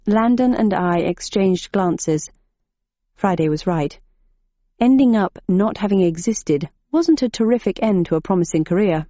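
A woman reading a novel aloud as a narrator, in a dry, measured manner. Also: medium pitch, animated, dark tone, dry recording. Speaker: audiobook narrator. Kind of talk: scripted narration. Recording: dull muffled audiobook recording.

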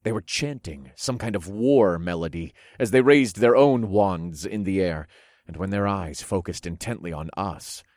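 Deep-voiced man reading a fantasy story. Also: normal speed, darkish tone, no room sound, studio quality. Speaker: narrator.

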